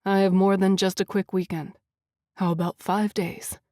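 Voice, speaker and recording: A woman voicing a confident wealthy man with a deep voice, smooth and assured in an audiobook. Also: little pitch movement, moderate pace, a little mellow, no echo, studio quality, natural voice. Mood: assured, flirty.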